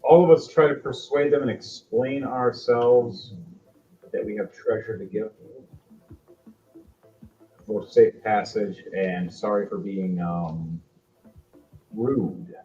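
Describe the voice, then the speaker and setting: A man narrating as game master in a relaxed, conversational way, with quick asides to the players. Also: on the low side, dull audio, faint music behind.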